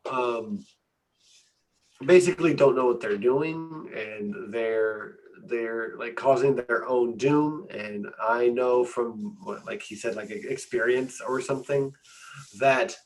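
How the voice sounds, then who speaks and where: Guy cohosting a podcast, talks real slow, lots of ums and restarts, sounds kinda far off the mic. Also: mid-range voice. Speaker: podcast co-host. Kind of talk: casual podcast chat.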